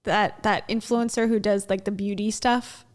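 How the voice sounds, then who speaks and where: A woman's voice: medium pitch, steady tone, normal speed. A woman hosting a livestream in casual chat, joking and bantering with her guest. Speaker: livestream host.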